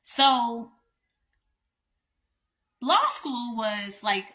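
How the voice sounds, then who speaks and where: A woman's voice: on the high side, extremely slow. A woman with a Southern accent and a slight lisp, a lawyer telling stories in a chatty storytime vlog. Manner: chatty, animated storytelling with light laughs.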